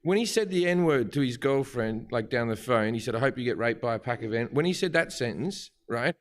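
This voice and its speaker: A man's voice: medium pitch, brisk. A middle-aged Australian comedian in a podcast interview, swearing and mocking as he rants. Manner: swearing, animated, mocking impressions. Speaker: comedian guest. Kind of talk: podcast interview, comic rant.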